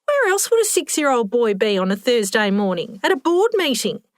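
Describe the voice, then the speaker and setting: A cheeky, sharp-tongued older mother, played by a woman reading a story, full of mischief. Her voice is a little raised and lively. The sound is dry and close. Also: a little high, moderate pace, no echo. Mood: teasing. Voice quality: teasing, mischievous. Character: cheeky, fit older mother, quick-witted.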